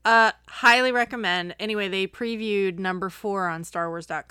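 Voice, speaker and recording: A woman co-hosting a podcast, chatting casually and enthusiastically with quick asides. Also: mid-range voice, sharp tone, clear, resonant tone, dry recording, clean studio sound. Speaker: podcast co-host. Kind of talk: casual chat.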